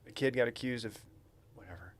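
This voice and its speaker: A man's voice: medium pitch, fairly quick. A young man co-hosting a podcast, teasing his friends and laughing often in casual banter. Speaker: podcast co-host.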